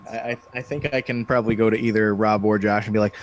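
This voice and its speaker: A man's voice: lowish voice, fairly even intonation, fast, slight background noise. A man co-hosting a podcast and chatting casually about running tabletop games, hesitant and full of restarts. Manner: hesitant, many fillers and restarts. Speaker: podcast co-host and game master. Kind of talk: casual chat.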